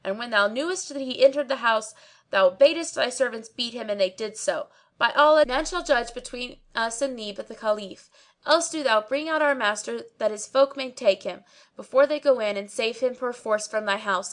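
Storybook figure: busybody old barber, insistent and scolding, slightly raised and loud ; woman reader doing the voice. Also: a little high, normal speed, close to an everyday voice. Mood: accusing. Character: meddling, pushy old male barber.

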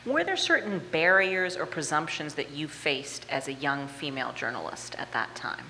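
A woman interviewing a guest on stage, asking measured, admiring questions. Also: low voice, animated, pushed and bright. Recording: reverberant hall with faint background noise.

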